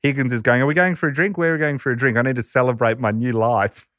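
A man's voice: mid-range voice, steady tone, fast talker, fairly bright tone, no room sound, clean studio sound. An Australian man telling a rowdy anecdote in casual chat, laughing often and acting out the voices of the people in it. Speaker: podcast storyteller.

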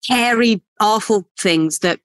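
A woman from England, an actor guest, telling lively stories in a casual interview with plenty of fillers and restarts. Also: medium pitch, slow pace, no echo, clean studio sound. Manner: animated storyteller, many fillers and restarts.

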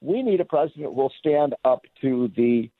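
A male commentator talking on the phone, animated and insistent, with many fillers. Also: medium pitch, normal speed, no room sound. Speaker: guest commentator. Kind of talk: opinionated phone interview. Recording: tinny phone line.

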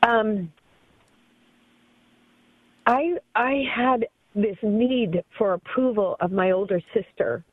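A woman's voice: mid-range voice, slow, pauses often, dry recording. A woman in her fifties calling in to a radio show, telling a personal story in an earnest, emotional way over a phone line. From Southern California. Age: 50s. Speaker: caller. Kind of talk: call-in radio testimony.

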